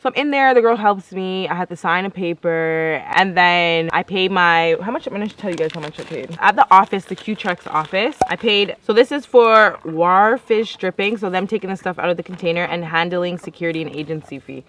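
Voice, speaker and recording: A woman's voice: lowish voice, a little fast, hardly any pauses, a bit bright, slight background noise. A young woman telling a story in a casual vlog, chatty and exasperated, acting out both sides of each conversation. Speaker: vlogger.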